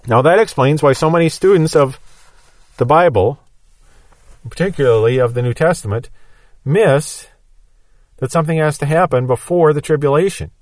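A man's voice: on the high side, normal speed, long pauses, dry recording. A man giving a Bible prophecy lesson, explaining patiently with everyday examples. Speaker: Bible teacher.

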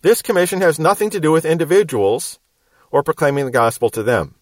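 A man with a slightly raised voice teaches Scripture verse by verse, explaining the meaning of each phrase. His delivery is measured and explanatory, and he leans on key words for emphasis. The recording is dry and close. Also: fairly high pitch, big pitch swings, no room sound. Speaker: Bible teacher.

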